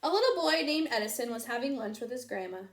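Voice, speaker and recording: A woman reading a children's picture book aloud in an expressive, sing-song storytelling manner. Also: fairly high pitch, fast talker. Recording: roomy echo.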